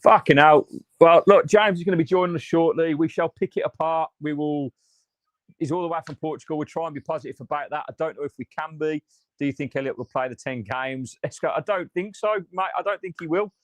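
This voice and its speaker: A man's voice: fairly high pitch, fast, no echo. A man hosting a fan channel, reacting live after a match in a frustrated, sweary rant and reading out viewer comments.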